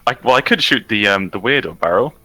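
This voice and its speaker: A man's voice: on the low side, expressive, fast talker, sharp tone, no room sound, soft background music. A man playing a tabletop game, thinking aloud with hesitant ums. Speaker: player. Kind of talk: casual tabletop game play.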